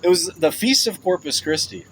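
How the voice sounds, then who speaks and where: A man's voice: high voice, lively intonation, normal speed, fairly bright tone, slight background noise, low-quality recording. A young man, a podcast guest, chatting casually and telling jokey stories with frequent laughs. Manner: joking storyteller, laughs often. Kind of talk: casual chat.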